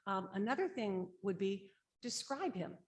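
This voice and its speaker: A woman with a mid-range voice and lively intonation takes her time as she leads a conference workshop on grief support. She describes the process practically and conversationally, regularly checking in with "right?", inside a conference room.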